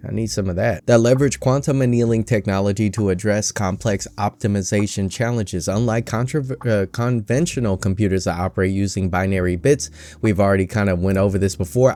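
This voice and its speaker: A man's voice: on the low side, warm tone. A man hosting a casual, jokey stock market vlog, rambling with self-mocking asides.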